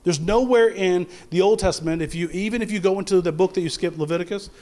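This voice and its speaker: A man's voice: high-pitched, quick pace, dark tone. A man preaching a sermon in a conversational way, with stumbles and restarts, rising to emphatic peaks. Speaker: pastor.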